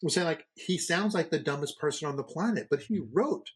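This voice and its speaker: A man's voice: a little high, fairly quick, slightly rough. A middle-aged man from the Northeastern United States, co-hosting a podcast in casual conversation and telling rambling stories full of fillers and restarts. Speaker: podcast co-host.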